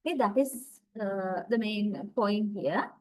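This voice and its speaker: A woman lecturer giving an online class, explaining slowly with many fillers. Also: mid-range voice, a little mellow, poor audio. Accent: South Asian English.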